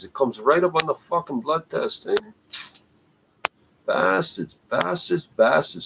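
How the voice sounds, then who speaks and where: A man, going on an agitated, profane, rambling rant. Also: medium pitch. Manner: agitated, swearing, trailing "eh?". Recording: dull lo-fi recording, faint noise.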